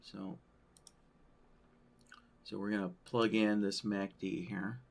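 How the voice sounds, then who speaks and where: A man walking through a trading-software tutorial on a screen share, thinking aloud and checking in with "right?" as he goes. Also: lowish voice, level tone, takes it slowly, creaky, a little hiss or hum. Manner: loose, thinking aloud, frequent "right?" tags. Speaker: software trainer.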